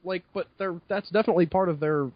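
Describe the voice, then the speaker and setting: A man's voice: sits high, fast talker, no echo, muffled recording. A man chatting casually and joking while playing a tabletop story game, laughing often and full of fillers.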